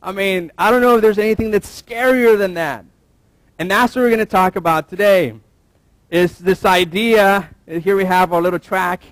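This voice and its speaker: A man in his thirties, a pastor, giving a relaxed conversational sermon, telling a personal story with fillers and restarts and posing rhetorical questions to the congregation. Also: high-pitched, normal speed, no room sound. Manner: self-deprecating, asks listeners rhetorical questions.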